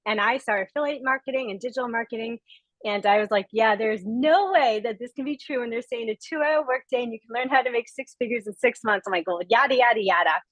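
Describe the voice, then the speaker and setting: A woman's voice: on the high side, fast, fairly bright tone, no room sound, rough recording. A woman in her forties from Rhode Island, giving an earnest, heartfelt testimonial on a webinar over a video call, close to tears. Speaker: guest speaker sharing a testimonial.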